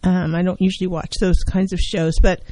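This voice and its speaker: A woman's voice: lowish voice, level tone, brisk, warm tone, dry recording, low-quality recording. A woman therapist giving an earnest self-help talk on mental health, driving her points home by repeating key phrases.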